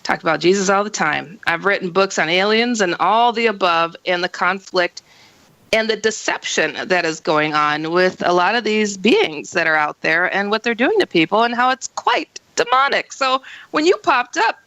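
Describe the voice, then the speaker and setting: A woman hosting a radio talk show, bubbly and quick to laugh, chatting casually with her guest. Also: no room sound, poor audio. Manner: bubbly, laughs often, lively pitch jumps.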